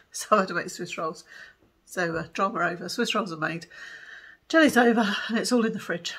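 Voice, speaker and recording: A tired woman, chatting excitedly to camera in a home vlog and giggling often. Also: fairly low pitch, quick pace, breathy edge. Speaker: vlogger. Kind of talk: casual chat to camera.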